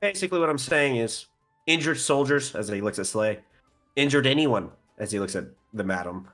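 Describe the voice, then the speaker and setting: A man at a tabletop game makes a persuasive in-character pitch. His voice is bright, with faint music in the background. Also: animated, normal speed. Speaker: player. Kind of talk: tabletop role-play.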